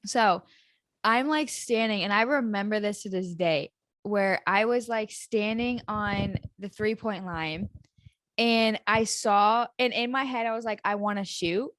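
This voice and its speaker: A young woman co-hosting a podcast, telling stories in a giggly, animated way. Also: mid-range voice, unhurried, no echo, clean studio sound. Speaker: podcast co-host. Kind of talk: casual chat.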